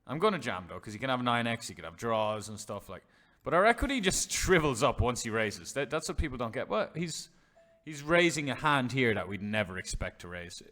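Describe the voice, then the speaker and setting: A man's voice: medium pitch, pushed and bright. A man commentating on his own online poker hands live, chatty and swearing freely, talking to his chat as lads and boys. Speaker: poker streamer.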